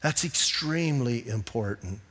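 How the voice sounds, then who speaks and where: A man's voice: medium pitch, expressive, a little slow, a bit bright. A middle-aged male pastor preaching a conversational sermon, mixing jokes and stories with teaching. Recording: long hall reverb.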